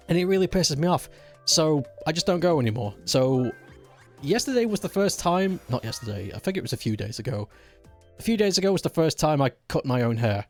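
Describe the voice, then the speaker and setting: A man's voice: fairly high pitch, brisk, faint music behind. Exasperated young man ranting on stream. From United Kingdom. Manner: exasperated, swearing, animated ranting. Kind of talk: casual rant while gaming on stream.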